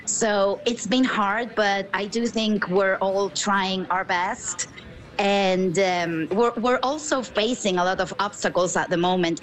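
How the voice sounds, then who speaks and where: A woman's voice: mid-range voice, low-quality recording. Earnest woman journalist. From Venezuela. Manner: measured and earnest, with soft "um"s. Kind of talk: interview answer.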